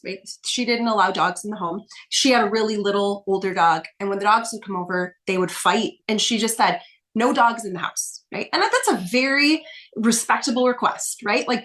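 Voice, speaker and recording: A woman's voice: mid-range voice, fairly bright tone. Emphatic woman coach explaining with "right?". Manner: emphatic, explaining, tags nearly every point with "right?". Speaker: coach, podcast guest. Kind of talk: casual conversation.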